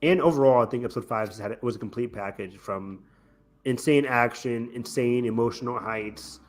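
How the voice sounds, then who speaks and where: A man co-hosting a casual pop-culture podcast, talking excitedly and laughing often. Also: medium pitch, a little fast. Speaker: podcast co-host. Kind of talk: casual chat reacting to a trailer. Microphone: remote call setup.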